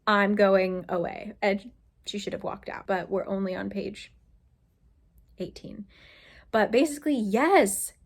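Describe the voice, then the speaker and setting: A woman chatting casually and bluntly as she reviews a book she is reading, with excitable outbursts and free swearing. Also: mid-range voice, unhurried, long pauses, breathy edge.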